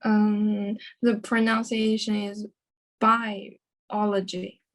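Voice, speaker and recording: A woman's voice: medium pitch, flat delivery, a little mellow, rough recording. Hesitant woman with a Chinese accent. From China. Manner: hesitant, halting, many restarts. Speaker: student. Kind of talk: exam speaking practice.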